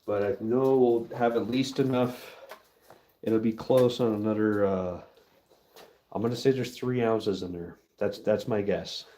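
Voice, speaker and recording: A man's voice: fairly low pitch, fairly even intonation, a little slow, warm tone, a little hiss or hum. A man casually chatting with his live-stream viewers while he works, laid-back and chatty. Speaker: livestream host pouring metal.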